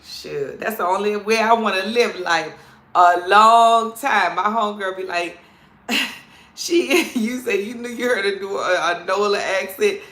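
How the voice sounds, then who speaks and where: Playful and chatty, a comedian host with a New Orleans accent talks casually to her live-stream viewers, addressing them as "girl" and "child." She speaks in a mid-range voice at a moderate pace with a fairly bright tone, and the sound is reverberant.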